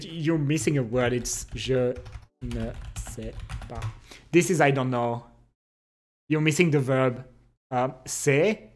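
A French-accented man of medium pitch chats slowly and playfully on a stream from his home setup, reading out viewer comments. He laughs a lot, teases, and speaks English with pauses and restarts.

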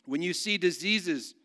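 A man pastor preaching a sermon, going from loud proclamation to soft, hushed storytelling. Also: sits high. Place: church.

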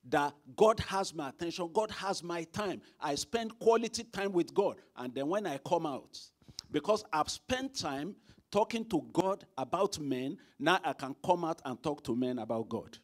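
A man's voice: a little high, animated, moderate pace. A man preaching a sermon at a church service, emphatic and asking the congregation rhetorical questions.

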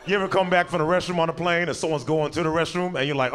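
Male comic, 30s, slightly high voice, high-energy stand-up set, live room noise. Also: very fast, hardly any pauses, a loud crowd. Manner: high-energy, animated, jumps into character voices. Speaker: stand-up comedian. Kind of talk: stand-up comedy. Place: comedy stage before a live audience. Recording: live show with audience noise.

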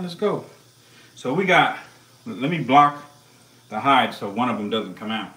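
Male live-stream host, mid-range pitch, loose slangy and profane patter with bursts of hype. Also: animated, unhurried, long pauses, pushed and bright. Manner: slangy, profane, hyped banter. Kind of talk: casual live-stream commentary.

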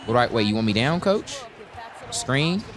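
A man giving live commentary on his own basketball video game, slangy and full of trash talk, breaking into excited yells. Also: mid-range voice, moderate pace, noisy background. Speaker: gaming YouTuber.

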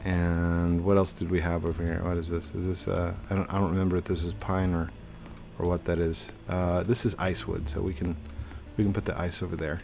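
A young man giving chatty, excitable live commentary while he plays a game, breaking into baby talk with his in-game dog. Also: low voice, a little fast, vocal fry, soft background music. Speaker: gaming streamer. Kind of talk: casual live gameplay commentary. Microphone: desk mic with webcam.

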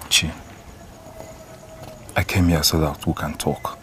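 A man's voice: very deep voice, a little hiss or hum, heavily acted. An actor playing a young Nigerian man who coaxes and pleads with his fiancée as he plans to leave for the city. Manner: coaxing, pleading. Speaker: shop owner. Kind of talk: Nollywood film acting.

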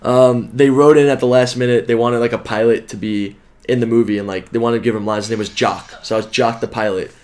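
Fast-talking man, chatty guest. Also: mid-range voice, fairly even intonation, darkish tone. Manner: chatty, eager storyteller, says dude and like often. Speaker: podcast guest, pro gamer. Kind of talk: casual chat.

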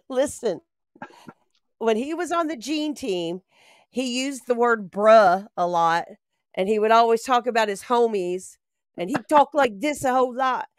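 An older woman co-hosts a casual live-stream talk show, trading gossip in a chatty way. Her voice sits a bit high for a woman. The sound is close and dry. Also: animated, unhurried, no echo. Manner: gossipy, chatty, often breaks into laughter. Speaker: co-host.

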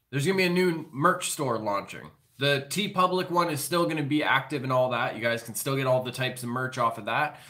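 A man's voice: mid-range voice, pushed and bright. A man hosting a live stream, rambling through jokes and announcements in a profane, loose, conversational way. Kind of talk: rambling comedic monologue.

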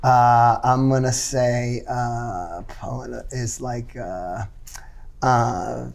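An easygoing man chatting casually as a guest. He pauses and hedges with fillers while he works out his guesses. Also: medium pitch, steady tone, creaky. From Southern California. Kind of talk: casual chat.

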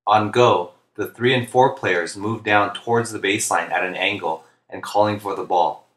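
A man, a basketball coach, narrating instructional plays in a flat, deliberate monotone, speaking clearly. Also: lowish voice, roomy sound. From United States. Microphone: home recording for narration.

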